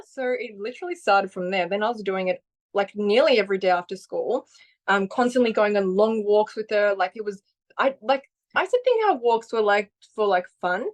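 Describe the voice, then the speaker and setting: A woman's voice: mid-range voice, lively intonation, brisk. A woman, a podcast guest, telling her personal story in a rambling way full of "like" fillers and acted-out quotes. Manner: rambling, frequent "like" fillers, acts out quoted voices.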